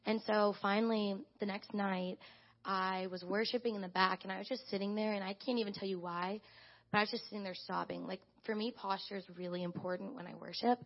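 A young woman gives a chatty, animated testimony to her church, leaning on "like" as she talks. Her voice has a steady gravelly fry. The sound is dull and lo-fi. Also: mid-range voice, fairly quick. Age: young adult. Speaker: church intern. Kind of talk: casual spoken testimony to a congregation.

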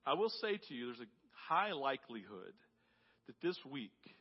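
A man preaching a sermon as pastor, rising to loud emphatic peaks and dropping to soft, intimate tones. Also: mid-range voice, very animated, measured pace, breathy edge. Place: church sanctuary. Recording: dull audio with long hall reverb.

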